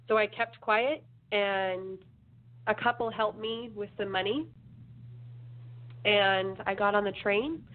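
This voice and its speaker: Woman telling her story over a phone line. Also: mid-range voice. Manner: slow, measured storytelling with pauses. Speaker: guest. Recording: phone line with faint hiss.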